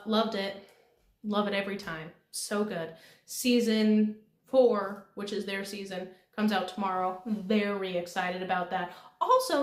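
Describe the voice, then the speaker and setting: A young woman from the United States telling a rambling, casual diary vlog, laughing often. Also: medium pitch. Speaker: vlogger. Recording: echoey room.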